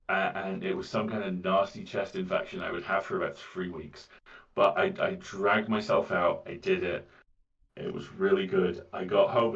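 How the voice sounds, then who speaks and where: Soft-voiced British man, muffled distant mic. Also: low voice. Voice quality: soft, mellifluous voice. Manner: rambling, with frequent repeats of words. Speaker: voice actor guest. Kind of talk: casual interview chat.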